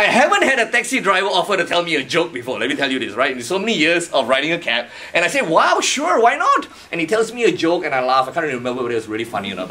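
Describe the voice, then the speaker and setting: A man from Malaysia tells a story to a live audience, his voice bright and lively as it swoops up and down while he acts out both sides of a conversation. A faint hum of room ambience sits underneath him. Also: a little high. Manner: animated, acts out dialogue with laughs. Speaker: motivational speaker.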